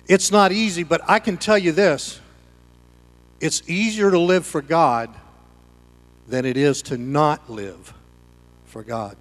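A man preaching a sermon as pastor, swinging between loud emphatic lines and hushed ones. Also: on the high side. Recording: long hall reverb.

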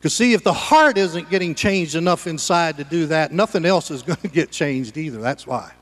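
A man preaching in a high, light voice, folksy and conversational with touches of humor. His words ring out with a long hall reverb, as if in a church sanctuary. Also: normal speed, fairly bright tone, soft background music. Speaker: pastor. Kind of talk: sermon.

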